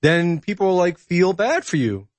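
Animated man with a dry, close sound. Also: high-pitched, measured pace, no echo. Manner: animated storyteller, hesitant fillers. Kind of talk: casual political chat.

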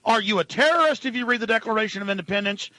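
A male radio talk show host ranting at callers, dropping to a low mutter and then shouting. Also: racing, dry recording.

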